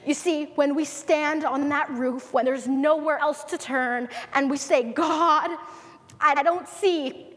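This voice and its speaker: A woman's voice: high voice, steady tone, unhurried, few pauses, big-room sound. A woman preaching a conversational sermon, asking the listeners questions, then leading a prayer.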